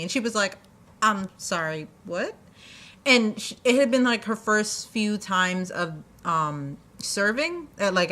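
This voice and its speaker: A young woman vlogger with a sharp-toned, mid-range voice tells funny stories from her jobs in casual storytelling. She's chatty and laughs often, with lots of fillers and restarts.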